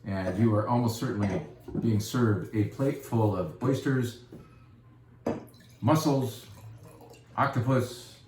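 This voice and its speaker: A wine shop host with a lowish voice speaks at a measured pace, chatty and playful, tossing in self-deprecating asides during a casual wine presentation. Background noise is present, and the room is echoey with faint ambience.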